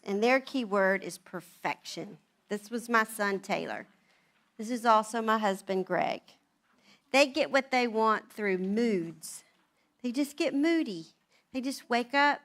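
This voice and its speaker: A woman's voice: a little high, a little slow. A grandmother speaking to a room of moms, telling family stories and acting out the voices of her children and husband. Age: older. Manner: animated, acts out family dialogue in changing voices. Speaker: speaker at a moms' event. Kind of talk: talk to an audience, storytelling.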